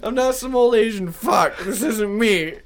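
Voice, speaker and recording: A man's voice: high-pitched, a little slow, slight background noise, voice pushed up. A man voicing a frightened man who woke up in a stranger's dead body, frantic and pleading. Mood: distraught. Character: panicked man waking in a stranger's corpse.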